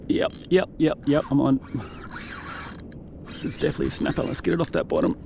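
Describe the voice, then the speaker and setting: A man's voice: mid-range voice, quick pace, vocal fry, background noise. A young man, commentating his own kayak fishing live, exuberant and breathless, recorded outdoors on an action camera. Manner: exuberant, whooping, breathless excitement.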